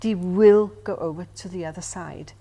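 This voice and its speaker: A woman's voice: fairly low pitch, normal speed, husky. Older woman medium, emphatic storyteller. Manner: emphatic, animated storyteller, asks "do you see what I mean". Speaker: spiritual medium. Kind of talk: conversational interview storytelling.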